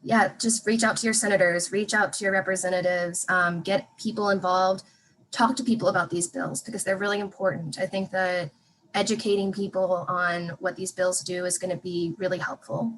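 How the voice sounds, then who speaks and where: A woman's voice: lowish voice, level tone, normal speed, fairly bright tone, a little hiss or hum, poor audio. Casual encouraging woman panelist. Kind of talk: online panel discussion.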